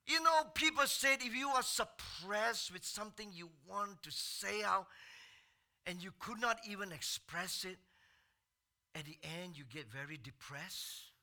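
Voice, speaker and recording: A man with a very high, bright and piercing voice preaching a sermon. He speaks slowly and deliberately, dropping low and soft before rising to shouted exclamations and questions thrown at the congregation. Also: expressive. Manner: swings from soft, slow talk to shouted outbursts. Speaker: pastor.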